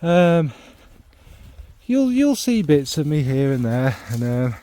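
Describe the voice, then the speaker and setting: Mellow-voiced man musing. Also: a little high, sing-song, slow, no echo. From North Midlands of England. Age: middle-aged. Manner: rambling, self-deprecating, full of ums and asides. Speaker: fragrance vlogger. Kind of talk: casual spoken monologue.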